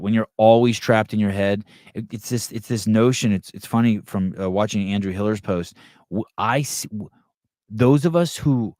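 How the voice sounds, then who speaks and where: Male podcast host, lowish voice, blunt and swearing, dry close mic. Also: a little mellow, dry recording. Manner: blunt, profane, restarts sentences, tells anecdotes. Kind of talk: casual live call-in chat.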